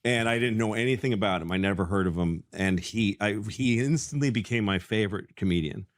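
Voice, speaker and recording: A middle-aged man telling a comedy story in casual chat, acting out other people's lines. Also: fairly quick. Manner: animated, acts out quotes in high squeaky voices.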